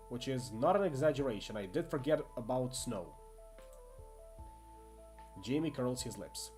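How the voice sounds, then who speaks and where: A man reading an interactive fiction game aloud in expressive second-person narration, with occasional asides. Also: mid-range voice, normal speed, long pauses, faint music behind. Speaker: game player and reader.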